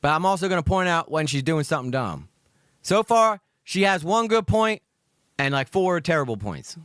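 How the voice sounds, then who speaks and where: A man from Georgia in the US, filling in as host of a live reaction stream, talking in a profane rant that swings to loud outbursts. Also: fairly high pitch, expressive, moderate pace, clean tone, no echo, clean studio sound. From Georgia, USA.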